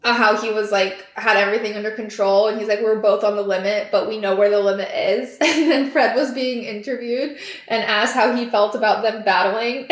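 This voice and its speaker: A young woman hosting a podcast in casual chat, giggling and talking in a loose stream of fillers and "like". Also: on the high side. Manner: chatty, giggly, lots of fillers and likes. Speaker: podcast host. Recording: echoey room.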